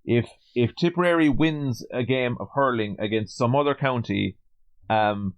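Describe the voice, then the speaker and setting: A man's voice: mid-range voice, normal speed, dry recording. An Irish man from Ireland, a podcast guest chatting casually in a blunt, sweary way. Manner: blunt and sweary, laughing easily. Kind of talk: casual chat.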